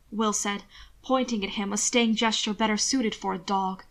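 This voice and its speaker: Woman narrating a novel softly. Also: mid-range voice, steady tone, normal speed. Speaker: audiobook narrator.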